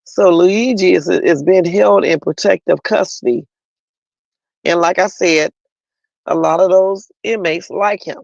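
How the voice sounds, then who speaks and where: Guy doing a casual news livestream, kinda gravelly, talks right at his viewers, dry lo-fi sound. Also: sits high, measured pace, no room sound. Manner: chatty and opinionated, addresses viewers directly. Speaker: livestream host.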